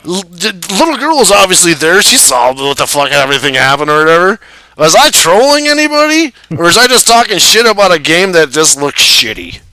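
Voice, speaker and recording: A man riffs loosely while he plays, swearing freely and breaking into laughs. His pitch swings widely, and his tone is bright and forceful. The sound is dry and close, with no room echo. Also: sing-song, brisk. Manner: profane, rambling, laughs often. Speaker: streamer playing a survival game. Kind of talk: casual gameplay commentary.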